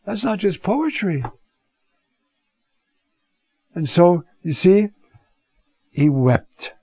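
A man teaching a Bible talk, reflective and unhurried, reading scripture passages aloud with emphasis. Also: high voice, sing-song, mellow, slightly rough, no echo. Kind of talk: scripture lecture. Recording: dull lo-fi sound.

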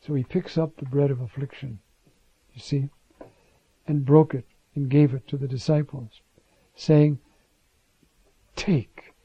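Gravelly man preaching a casual Bible talk. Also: mid-range voice, fairly even intonation, unhurried, pauses often, no room sound. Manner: informal, with asides and restarts. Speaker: preacher teaching scripture. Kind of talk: conversational Bible teaching. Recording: dull lo-fi recording.

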